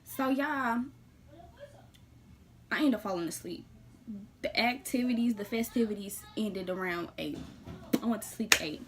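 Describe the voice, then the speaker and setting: In a casual vlog, a woman tells her viewers a personal story in a blunt, lively way, alternating loud bursts with soft, hushed asides. Her medium-pitched voice moves at a normal speed with long pauses. Background noise can be heard.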